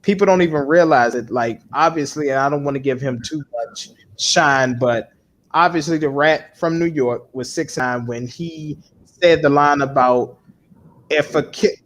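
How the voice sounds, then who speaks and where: A man co-hosting a podcast in casual chat, animated and repeating himself for emphasis. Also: on the high side, a little slow. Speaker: podcast co-host.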